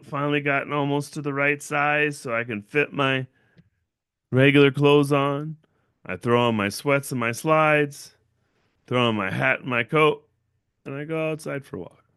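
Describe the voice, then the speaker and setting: A man hosting a casual livestream, telling a story in a blunt, profane, animated way and acting out other people's voices. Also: on the high side, smooth, dry recording, clean studio sound. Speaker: channel owner and host.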